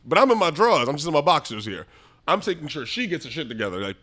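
A young man from the Bronx, telling a story as a podcast guest. He laughs often and acts out his own lines loudly. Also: on the high side, very animated, brisk. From the Bronx, New York. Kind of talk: animated storytelling.

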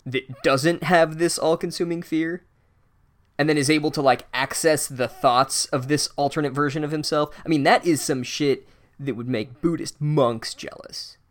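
A man hosting a podcast, recapping a book in a profane, sarcastic, animated way. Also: fairly high pitch. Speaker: podcast host.

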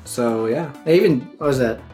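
A man's voice: medium pitch, normal speed, mellow, faint music behind. A male podcast host in casual chat, reading listener mail aloud and laughing often.

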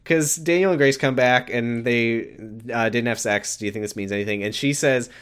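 A man's voice: medium pitch, normal speed, clean tone. A man co-hosting a podcast, chatting casually and animatedly about a TV episode, swearing freely and laughing often. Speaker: podcast co-host. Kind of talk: casual recap chat.

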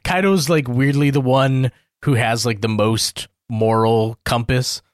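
A man's voice: mid-range voice, fairly even intonation, unhurried, dry recording, clean studio sound. A man co-hosting a podcast, griping bluntly and emphatically with casual swearing. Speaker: podcast co-host. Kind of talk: casual chat.

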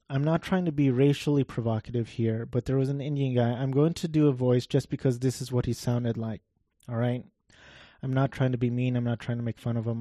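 A man with a dark, mellow and flat monotone voice talks through a game in a loose, wry commentary. He rambles and swears now and then. The sound is dry and close. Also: mid-range voice, no echo. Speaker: gameplay commentator. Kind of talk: casual gameplay commentary.

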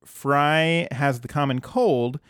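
A man's voice: a little high, slow, a bit bright, clear, resonant tone, dry recording, clean studio sound. A man co-hosting a podcast in casual chat, rambling and self-deprecating with lots of ums. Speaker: podcast co-host.

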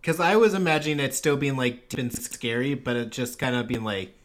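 A man in casual podcast chat with a mid-range voice. He talks in a relaxed way and stretches out his phrases. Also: medium pitch, a little fast, few pauses. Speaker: podcast co-host.

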